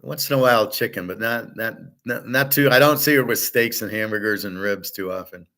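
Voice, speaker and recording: Blunt, rambling man with a low voice. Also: brisk, sharp tone. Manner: blunt, rambling, swears casually. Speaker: show host. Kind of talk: casual rambling chat.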